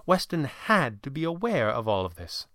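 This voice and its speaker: In clean studio audio with a dry recording, a man narrates an audiobook, his mid-range voice keeping a steady, measured storytelling pace.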